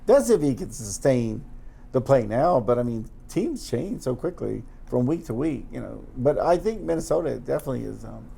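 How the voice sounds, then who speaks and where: A man co-hosting a casual sports podcast, talking in halting stretches full of restarts and "you know". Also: medium pitch, very animated, creaky, dark tone, husky. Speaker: podcast co-host.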